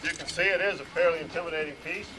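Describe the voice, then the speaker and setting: A man's voice: fairly high pitch, fast talker. A man giving an outdoor reenactment demonstration, explaining rifle drill steadily and barking out commands. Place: outdoors at a historic fort. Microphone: camcorder from a distance. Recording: noisy outdoor camcorder audio.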